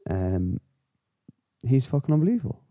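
A man hosting a podcast, rambling through casual, sweary, animated rants. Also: medium pitch, normal speed. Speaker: podcast host. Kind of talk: casual chat.

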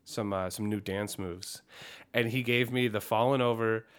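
Joking man co-host on a casual podcast, swears easily, quick to laugh. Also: lowish voice, fairly even intonation, clean tone. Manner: loose and joking, swears freely, laughs often. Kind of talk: casual chat.

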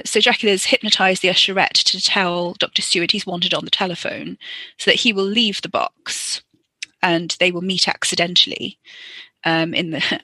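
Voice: mid-range voice, bright, forceful tone, no room sound. A podcaster giving chatty, joking improvised commentary over an old film. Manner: chatty, joking, many fillers.

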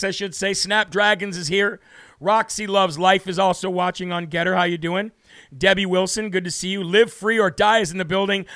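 A man's voice: high-pitched, sharp tone, smooth, dry recording. An American man hosting a live online show, talking casually and rambling, greeting viewers by name and laughing easily. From United States. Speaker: livestream show host. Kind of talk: casual live-stream talk.

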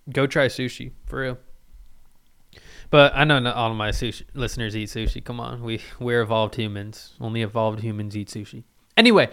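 A man's voice: medium pitch, a bit bright, smooth. A man hosting a casual solo podcast, rambling with lots of ums and slang. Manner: rambling, filler-heavy, slangy. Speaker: podcast host.

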